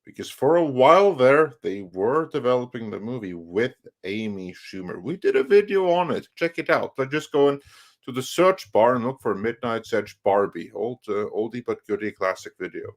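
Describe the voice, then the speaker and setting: A man's voice: mid-range voice, animated, normal speed. A man on a casual panel chat, agreeing readily and speaking with enthusiasm.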